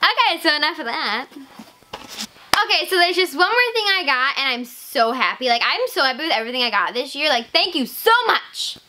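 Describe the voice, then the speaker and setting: A teenage girl vlogging casually to camera, gushing and excitable, full of "like" and "legit.". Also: high-pitched, a little fast. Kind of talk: casual haul vlog.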